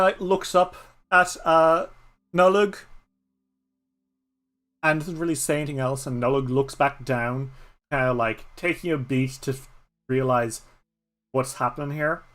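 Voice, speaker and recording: A man's voice: medium pitch, unhurried, long pauses, a bit bright. A man with an Irish accent narrating a solo tabletop game as game master in a rambling way, with many fillers.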